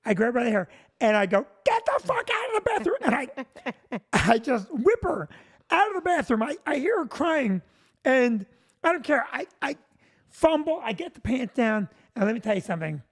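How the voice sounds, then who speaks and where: A male comedian telling a long comic story, animated and breaking into shouted punchlines. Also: very high-pitched, normal speed.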